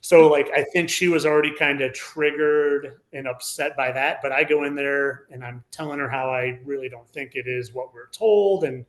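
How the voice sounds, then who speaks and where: A man's voice: mid-range voice, steady tone, moderate pace, hardly any pauses. A man in his forties, a podcast guest telling a personal story in a rambling, casual way, full of "like" fillers. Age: 40s.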